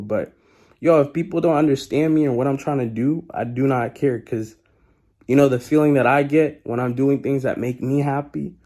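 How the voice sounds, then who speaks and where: A young man talks through some life advice in a relaxed, slangy way. His voice sits at a middle pitch with a warm, mellow tone, and he keeps circling back to repeat his main points. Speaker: vlogger giving life advice. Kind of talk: casual motivational talk.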